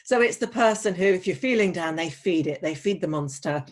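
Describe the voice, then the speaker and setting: A woman's voice: fairly low pitch, fairly quick. A woman presenting a teacher wellbeing webinar, chatty and frank, with frequent ums, restarts and sarcastic asides.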